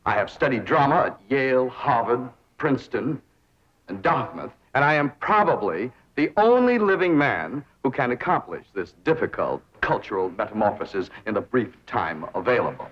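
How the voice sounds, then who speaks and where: A man's voice: medium pitch, fairly bright tone, muffled recording. An actor playing a pompous, theatrical young rich man who talks in a grandiose, affected, overenunciated way, on a hissy 1960s TV soundtrack. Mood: lecturing.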